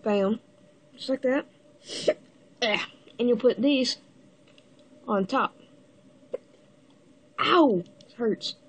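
A woman with the hiccups giving a casual step-by-step building tutorial, halting and pausing mid-step to show the pieces. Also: on the high side. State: has the hiccups. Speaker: toy builder giving instructions.

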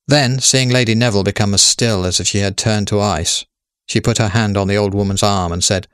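A man narrating a story in a measured, steady way. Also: on the low side, clean tone, no room sound, studio quality.

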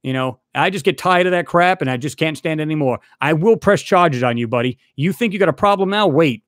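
A man's voice: a little high, a little fast, a bit bright, no room sound, studio quality. A man hosting his own channel, ranting heatedly and repetitively at a rival he addresses directly. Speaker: channel host. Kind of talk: angry ranting vlog.

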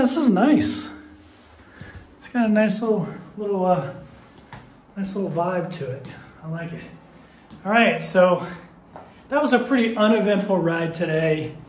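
Male travel vlogger, slightly high voice, rambling, easygoing, faint background noise. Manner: chatty, rambling with fillers. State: out of breath. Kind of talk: casual travel vlog. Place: hotel and street in Thailand, walking around.

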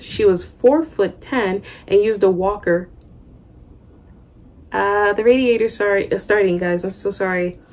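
A young woman reading a memoir aloud at home, breaking off for chatty asides. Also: on the low side. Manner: chatty, loose asides between read passages. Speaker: book reader and vlogger. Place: home room.

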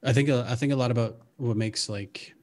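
A man's voice: medium pitch, steady tone, fairly quick, a little mellow. A man who is a guest player, talking casually with frequent restarts and hesitation. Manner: hesitant, restarts often, laughs along. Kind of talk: casual chat.

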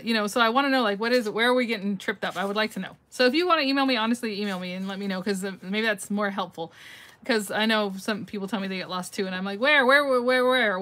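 A woman's voice: mid-range voice, bright, forceful tone. A middle-aged woman hosting a casual live craft-mail reveal on her phone, chatty and gushing, thinking aloud and laughing often as she answers viewer comments.

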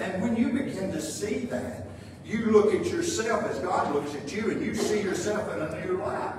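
A man with a high voice preaches a sermon in a church. His voice rings through a big, echoey hall and comes from some distance off the mic. He speaks with emphasis and acts out the voices he quotes. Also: a little fast, noisy background. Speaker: pastor. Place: church sanctuary.

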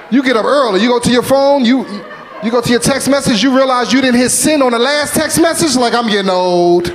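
A man in his forties from North Philadelphia doing a loose, animated stand-up set in a comedy club. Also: very high voice, brisk, noisy background. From North Philadelphia, USA. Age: 40s.

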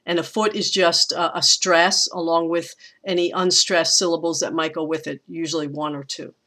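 Woman english teacher talking through a poem for her class, bright clear voice, slow careful reading of lines. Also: low voice, steady tone. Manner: patient explaining, reads poem lines aloud slowly. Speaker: college English instructor. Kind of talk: recorded online lecture.

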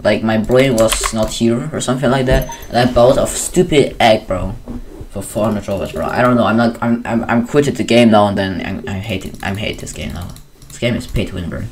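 A man's voice: on the low side, fairly quick. Rambling man livestreaming with keyboard clatter. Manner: rambling, says "bro" constantly, frequent laughs. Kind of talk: casual gaming livestream chat. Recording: keyboard clicks and typing noise. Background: keyboard typing.

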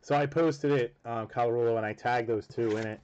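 A man's voice: medium pitch, fairly even intonation, fairly quick, darkish tone. A man hosting a card break, chatting casually in a rambling, joking way and swearing freely. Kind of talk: casual chat while opening cards. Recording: dull lo-fi with faint noise.

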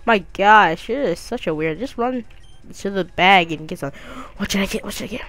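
A woman's voice: mid-range voice, lively intonation, normal speed, a bit bright, dry recording. Woman gamer, casual let's play chatter, goofy and crude, jokey.

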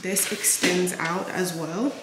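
A woman's voice: fairly low pitch, steady tone, slow. Young woman, casual mom vlogger, filler-heavy chat, roomy echo, noisy background. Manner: chatty, full of "like" and "um" fillers. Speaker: vlogger and mother of a newborn. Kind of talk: casual home vlog with product review. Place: at home, moving between rooms and the car. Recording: echoey room with clear background noise.

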